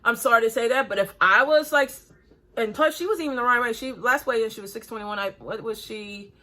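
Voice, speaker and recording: A woman's voice: on the high side, brisk, pushed and bright. A woman in her forties hosting a reaction video, talking bluntly and critically in casual chat while breathing hard. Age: 40s.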